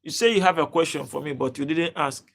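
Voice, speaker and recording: A man from Africa with a highish, slightly bright voice and vocal fry speaks at a quick pace while hosting a casual live stream. He banters playfully with viewers, reads their comments aloud, chuckles, and repeats words when starting.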